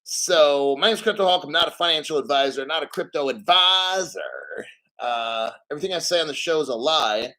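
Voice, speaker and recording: A man a touch higher than most men, hosting a loose, rambling crypto livestream. He is a little out of breath and talks in a jokey, offhand way while reading viewer donations into a desk mic. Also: fairly quick, sharp tone.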